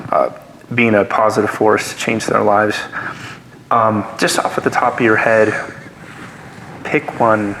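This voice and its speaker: A man hosting an interview who asks slow, searching questions with many restarts. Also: fairly low pitch. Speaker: podcast host. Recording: echoey with steady background noise.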